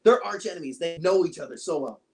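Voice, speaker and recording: Animated co-host with a lively voice. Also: quick pace. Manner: animated, acts out quotes with big pitch jumps. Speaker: podcast co-host. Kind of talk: casual movie chat.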